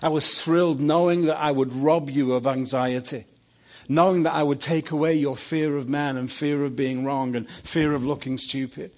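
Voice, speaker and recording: A man's voice: a little high, slow pace, creaky, pauses often, husky, heavily acted. A man voicing Jesus in a dream, firm and insistent. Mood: soft tender. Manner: insistent, repeating demands; soft and tender when gentle. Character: Jesus confronting a man in a dream, stern then tender.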